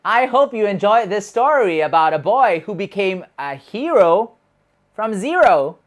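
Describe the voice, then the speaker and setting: Lively woman telling a children's story. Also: medium pitch, unhurried, a little hiss or hum. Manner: animated and expressive, with shouted sound effects. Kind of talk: children's Bible story narration.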